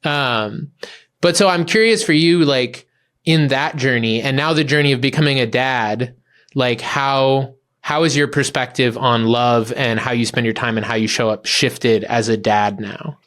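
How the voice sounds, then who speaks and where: A man's voice: medium pitch, measured pace, a bit bright. A man hosting a podcast, speaking in a reflective, searching way with many fillers. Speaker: podcast host. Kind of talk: casual podcast conversation.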